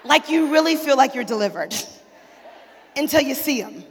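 A woman in her forties, a pastor's wife, telling a funny story to a church audience in an animated way, laughing and acting out the dialogue. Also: high-pitched, moderate pace, big-room sound, slight background noise. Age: 40s. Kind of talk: humorous storytelling testimony.

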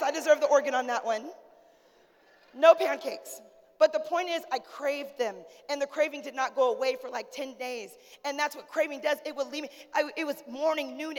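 Woman pastor preaching, high voice, joking with the crowd, long church reverb. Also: brisk, few pauses. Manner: conversational, humorous, calls out to the congregation. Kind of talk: sermon. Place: church sanctuary.

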